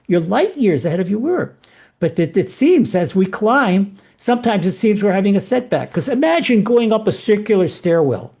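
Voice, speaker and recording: A man's voice: sits high, darkish tone. A man speaking as a rabbi, giving an earnest spiritual sermon and repeating phrases for emphasis.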